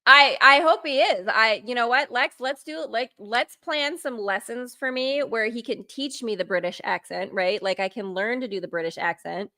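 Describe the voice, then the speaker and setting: Female co-host from the US, bubbly and eager, stumbles over words, bright and forceful tone. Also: a little high, normal speed, hardly any pauses. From United States. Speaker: guest co-host. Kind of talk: casual chat.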